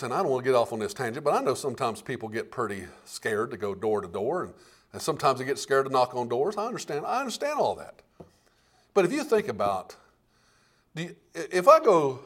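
A man preaching a sermon as pastor, folksy and fervent, swinging from hushed lines to loud ones. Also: medium pitch. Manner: folksy, repeats words and restarts.

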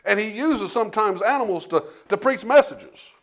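A man preaching a sermon in a folksy, animated storytelling way, often asking the congregation "Amen?". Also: high-pitched, normal speed.

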